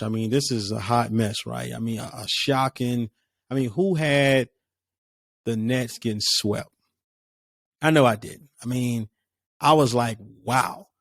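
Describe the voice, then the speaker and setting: Rambling sports podcaster. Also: male voice, mid-range voice, no echo, studio quality. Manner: rambling, conversational, many fillers. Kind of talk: casual solo sports talk.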